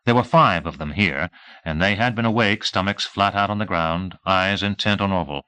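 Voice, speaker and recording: A man reading a novel aloud in a steady, measured way; his voice is lowish but bright, and the recording is dry and close. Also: clear, resonant tone, no echo. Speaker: audiobook narrator. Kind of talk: scripted narration.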